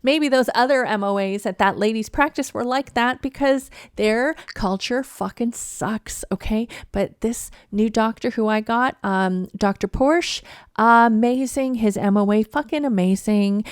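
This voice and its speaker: A woman's voice: medium pitch, clean tone, dry recording, clean studio sound. A woman hosting a podcast, telling a story in a blunt, wry and profane casual rant. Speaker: podcast host. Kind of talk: casual ranting monologue.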